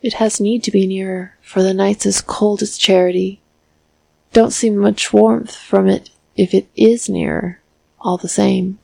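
A woman's voice: medium pitch, steady tone, unhurried, creaky, darkish tone, husky, no echo, exaggerated voice. A woman reading the lines of a lonely male tramp, muttering to himself in the cold night. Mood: grumbling.

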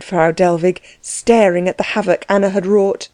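Mellow woman reading a novel. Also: mid-range voice, steady tone, normal speed, few pauses, dry recording. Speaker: audiobook narrator. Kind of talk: scripted narration of a novel.

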